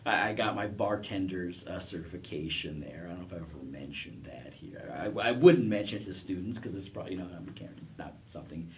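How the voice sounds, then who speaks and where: A man's voice: low-pitched, fairly quick, hardly any pauses, distant mic, slight background noise. A middle-aged man, a professor, telling his career story in a casual interview, rambling with restarts and self-deprecating chuckles. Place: college TV studio.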